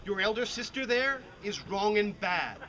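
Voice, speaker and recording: High-voiced man teasing a crowd. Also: animated, moderate pace, poor audio. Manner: bantering, teasing crowd work. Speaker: street performer. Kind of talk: outdoor comedy show with audience volunteers. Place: outdoor fair stage. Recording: loud crowd outdoors. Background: large crowd.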